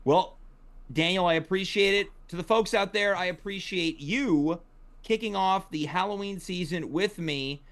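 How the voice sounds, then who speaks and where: A man's voice: high-pitched, normal speed, fairly bright tone. A man hosting a comedy talk show, wry and teasing, with a dry conversational delivery. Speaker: host.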